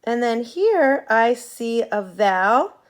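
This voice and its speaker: A woman teacher giving a patient phonics lesson to young students, modeling sounds clearly for them to repeat. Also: fairly high pitch, big pitch swings, takes it slowly.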